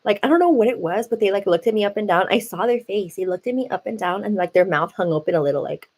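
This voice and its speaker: This livestream host speaks at a quick pace in a medium-pitched voice. She's sitting at home, telling a casual, lively story full of "you know" and lots of "like."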